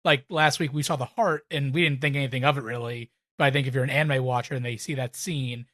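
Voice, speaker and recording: A man's voice: mid-range voice, fairly even intonation, fast, a bit bright, no room sound, studio quality. A man on a podcast panel talking in easygoing, reflective casual chat.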